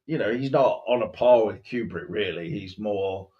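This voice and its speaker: A man co-hosting a podcast, chatting in a rambling, animated way. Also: fairly low pitch, normal speed, dull audio. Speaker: podcast co-host. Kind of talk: casual chat.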